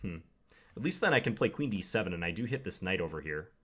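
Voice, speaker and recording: Man, young adult, very low voice, wry, thinking aloud, live commentary. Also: very animated, fast talker, a bit bright. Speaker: chess commentator.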